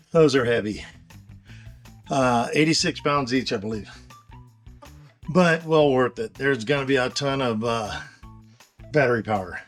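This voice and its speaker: Halting man walking through a DIY install. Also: medium pitch, fairly bright tone. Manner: plain, halting, lots of "uh". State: out of breath. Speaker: RV owner doing a DIY install. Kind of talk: casual how-to walkthrough. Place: travel trailer and its storage bay, hot weather.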